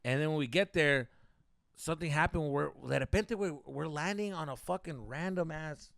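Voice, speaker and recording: Young man, podcast co-host, dry close sound, swearing, rambling, animated. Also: on the high side, moderate pace, vocal fry, no room sound. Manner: profane, animated, rambling with many fillers. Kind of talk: casual storytelling chat.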